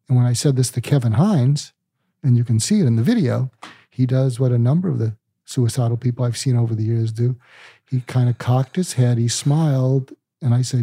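An older male psychiatrist, calm and deliberate, explaining ideas with medical analogies in an interview. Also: mid-range voice, slightly rough, dry recording, clean studio sound. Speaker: psychiatrist guest.

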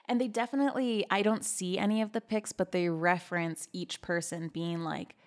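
A woman's voice: lowish voice, moderate pace, hardly any pauses. A woman hosting a podcast, giving candid, chatty commentary while she reads messages aloud. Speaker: podcast host.

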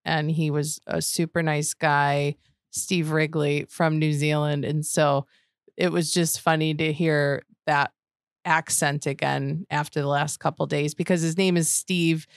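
A woman's voice: sits low, unhurried, clear, resonant tone, no room sound, clean studio sound. A woman co-hosting a casual chat podcast, telling stories with lots of laughter. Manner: animated storyteller, laughs often. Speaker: podcast co-host.

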